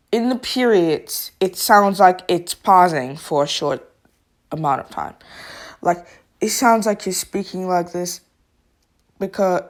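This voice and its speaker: A woman giving a casual spoken app review, talking in a halting, informal way and often restarting her sentences. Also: medium pitch.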